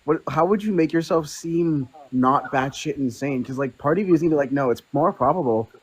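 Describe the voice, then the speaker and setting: A man's voice: on the high side, brisk, poor audio. Laid-back swearing man chatting on a live. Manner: loose, profane, laughing storyteller. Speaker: livestream co-host. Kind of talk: casual group chat on a livestream.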